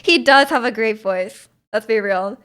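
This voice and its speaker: Woman, young adult, streamer, casual chat, giggly, rambling, high voice. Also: a little slow, a bit bright, smooth. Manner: giggly, rambling, trails off into mumbles.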